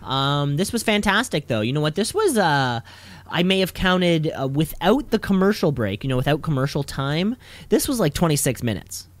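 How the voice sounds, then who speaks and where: A man co-hosting a podcast, chatting in an animated, digressive way with lots of fillers and asides. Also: a little high, moderate pace, no room sound. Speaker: podcast co-host. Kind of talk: casual chat commentary.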